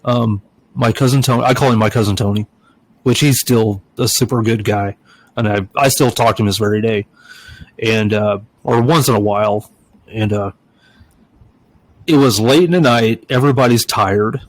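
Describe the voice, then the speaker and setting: A man's voice: lowish voice, moderate pace, long pauses, poor audio. A middle-aged man co-hosting a podcast, telling a ghost story in a rambling, casual way, with a stuffed-up nose. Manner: rambling storyteller, acts out voices and giggles. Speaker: podcast co-host.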